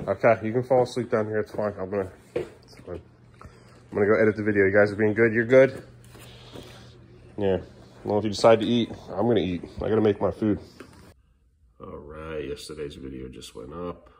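A man's voice: fairly low pitch, moderate pace, pauses often, a little mellow, slight background noise. A young dad filming a casual home vlog, talking to his kids at bedtime and now and then snapping at them in frustration. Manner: exasperated, scolding in bursts. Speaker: parent vlogger.

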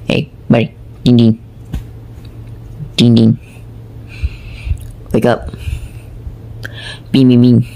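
A man's voice: mid-range voice, little pitch movement, drawn-out words, gravelly, pauses often, mellow. A man filming his cat in a playful home video, coaxing and teasing it.

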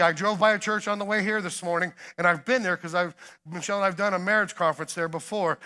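A middle-aged man preaching a sermon, swinging between emphatic calls and quiet storytelling. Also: high-pitched, fairly even intonation, fast talker. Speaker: guest preacher.

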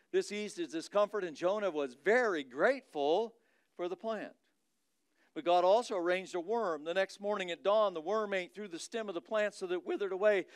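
Midwestern pastor, male, high smooth voice, dramatic scripture reading, dry close sound. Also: no room sound. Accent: Midwestern American. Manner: dramatic reading of scripture, swinging from loud to hushed. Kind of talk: sermon.

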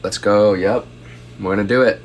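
Young guy on a phone live stream at home, deep low voice, reading comments n thanking ppl for gifts. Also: fairly even intonation, moderate pace, a little hiss or hum. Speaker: livestreamer. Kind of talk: casual livestream chat.

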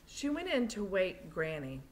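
A young woman teacher chatting playfully with her students, then reading a novel aloud to them in steady narration. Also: mid-range voice, unhurried, a little hiss or hum.

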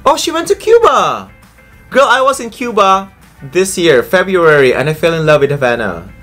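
A woman chats with a friend and gushes, her pitch leaping high and low. She keeps it casual and exclamatory, laughing often. Faint music plays underneath. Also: big pitch swings, moderate pace, a bit bright. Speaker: co-host reacting to photos. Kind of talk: casual chat.

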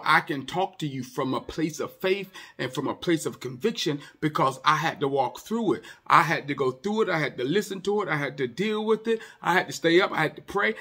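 High, bright-voiced male preacher. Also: husky. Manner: impassioned, repetitive preaching that often rises to a shout; conversational asides to the congregation. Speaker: pastor. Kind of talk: sermon.

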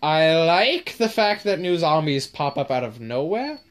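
Slow, lively-voiced woman gaming. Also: low-pitched. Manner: casual, swears often, drawls. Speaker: gamer. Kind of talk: gaming commentary.

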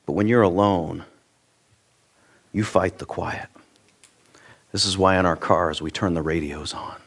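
A middle-aged American pastor preaches a sermon in church, speaking a little slowly. He's earnest and direct, repeating words as he starts a thought and swinging between loud, emphatic peaks and quiet, low asides.

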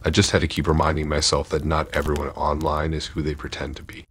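A man giving a measured, steady first-person narration of a horror story. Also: a bass voice, slight background noise.

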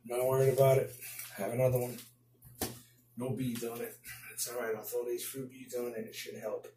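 Here the Bronx-born DIY YouTuber talks his way through a home repair in his New York accent, chatty, muttering while he works, with mild frustrated outbursts. The delivery is brisk and flat in a warm, mid-range voice, recorded in an echoey room with slight hiss or hum.

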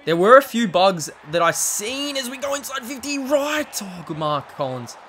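Aussie guy doing play-by-play on a footy video game, high voice, gets loud then mutters to himself. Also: moderate pace. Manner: excitable, swings from shouted calls to low muttered asides. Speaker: gaming channel host. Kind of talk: live play-by-play commentary of a football video game.

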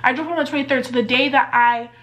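A young woman with a bright, high-pitched voice tells a rambling storytime while getting ready on camera. She talks in an animated, casual way, laughing often and swearing freely. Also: very fast. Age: young adult. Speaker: vlogger. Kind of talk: storytime vlog while doing makeup.

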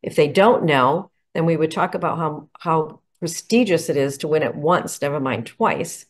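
A woman's voice: deep voice, normal speed. A woman educator explaining picture book covers to teachers in an enthusiastic, explanatory way. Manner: enthusiastic, explanatory, poses questions. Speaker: educator presenting picture books. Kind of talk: instructional talk to teachers.

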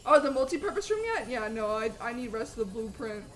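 Excitable woman streamer with hiccups. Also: fairly high pitch, fairly quick. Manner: excitable, talks to chat, frequent outbursts. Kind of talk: live gameplay commentary.

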